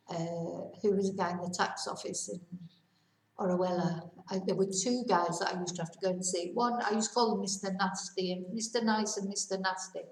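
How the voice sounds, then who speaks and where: A middle-aged woman giving a casual, rambling lesson, slowing down to model Spanish phrases for learners. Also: mid-range voice, reverberant, recorded from a distance, rough recording. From United Kingdom. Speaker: Spanish teacher.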